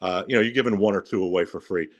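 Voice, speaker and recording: A man's voice: low-pitched, racing, highs cut off. A man interviewing a trading host, asking enthusiastic, leading questions.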